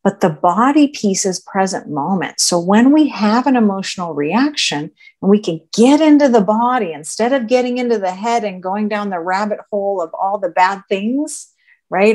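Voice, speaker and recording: Reflective woman guest explaining gently. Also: mid-range voice, lively intonation, moderate pace. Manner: reflective, explains gently, voices inner thoughts aloud; checks in with 'right?' often. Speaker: podcast guest. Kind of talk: conversational teaching.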